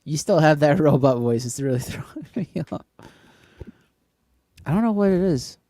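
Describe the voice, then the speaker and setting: A man co-hosting a casual podcast chat, joking and laughing often in quick bursts. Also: on the high side, lively intonation, dark tone, no room sound, clean studio sound. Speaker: podcast co-host.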